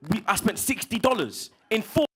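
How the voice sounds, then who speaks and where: A man, chatting casually as a regular fan guest, full of slang and animated asides. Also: sits high, moderate pace, slightly rough. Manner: heavy street slang, animated, laughing asides. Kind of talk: casual chat.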